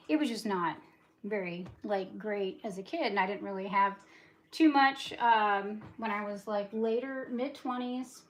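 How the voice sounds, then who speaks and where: A talkative woman in her forties, rambling through a casual livestream chat while she does dishes and cleans. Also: medium pitch. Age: 40s. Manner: talkative, rambling, fast-talking. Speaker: livestream host.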